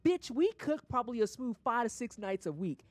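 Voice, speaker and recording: Ranting on her gaming stream, this St. Louis, USA livestreamer swears constantly and stays animated. Her pitch is fairly high, her pace a little fast, and there's no room sound.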